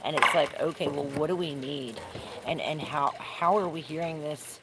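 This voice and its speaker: A woman's voice: deep voice, moderate pace. A woman doing a casual, rambling tarot reading outdoors in the rain. She searches for words and swears casually. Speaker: tarot reader. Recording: noisy outdoor recording with rain.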